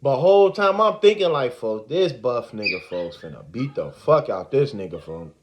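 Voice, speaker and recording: A man telling a story in a casual, animated, slang-heavy way, repeating the same filler words. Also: mid-range voice, normal speed, a little hiss or hum.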